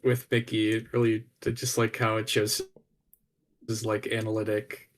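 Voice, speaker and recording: A man's voice: lowish voice, completely flat delivery, normal speed. A man on a group podcast chatting about a book and adding joking asides. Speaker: podcast co-host. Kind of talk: casual book discussion.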